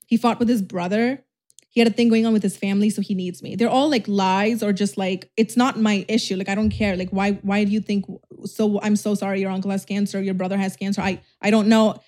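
A woman's voice: mid-range voice, fairly even intonation, brisk, darkish tone. Chatty young woman rambling candidly. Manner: candid, rambling, heavy use of "like", frequent restarts; swears casually. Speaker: YouTuber. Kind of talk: casual storytime vlog.

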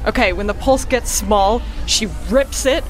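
A woman narrating her character's actions as a player in a tabletop game, brisk and descriptive. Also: a little high, music in the background.

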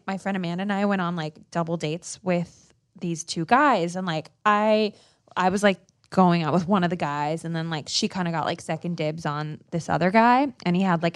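A young woman co-hosting a casual dating podcast, animated and full of "like" and quick asides. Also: fairly low pitch, no room sound, clean studio sound. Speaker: podcast co-host. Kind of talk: casual chat.

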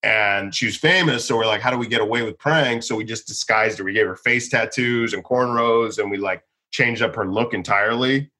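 Bright-voiced rambling male comedian. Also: fairly low pitch, brisk, hardly any pauses. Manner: rambling and animated, acts out voices in bursts. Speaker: comedian guest. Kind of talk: casual storytelling interview.

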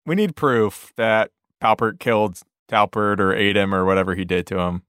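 A player in a tabletop role-playing game, talking in a sarcastic, deadpan way. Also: sits low, moderate pace, clear, resonant tone, no room sound, studio quality.

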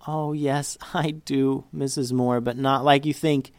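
A man's voice: medium pitch, fairly even intonation, a little slow, no room sound, close to an everyday voice. A man voicing a young girl who is tearful and sorry, speaking in a pleading, emotional way.

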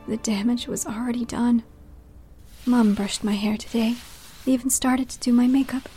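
A woman narrating a scripted story in a hushed voice that often drops to a whisper. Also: on the high side. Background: music.

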